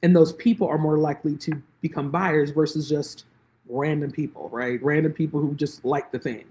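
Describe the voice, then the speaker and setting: A woman guest on a video call interview, telling lively stories and acting out the conversations she quotes. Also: low-pitched, moderate pace. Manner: animated storyteller, acts out quoted exchanges. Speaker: guest, lead generation specialist.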